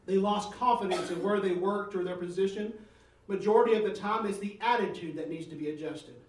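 A man's voice: high-pitched, a little fast, recorded from a distance. A man preaching a sermon, telling a story and calling on the congregation for answers. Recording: roomy room, voice away from the mic.

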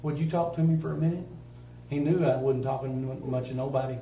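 A man preaching a sermon in a folksy, emphatic way, swinging from loud to hushed. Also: mid-range voice, fairly even intonation, fairly quick, slight background noise. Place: church. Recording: roomy church sound from a distance.

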